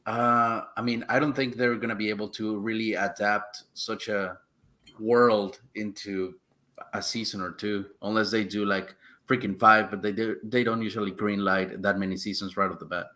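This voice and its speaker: A man's voice: fairly low pitch, level tone, normal speed, sharp tone. Rambling man on a stream panel. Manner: rambling, many fillers, swears. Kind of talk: casual livestream chat.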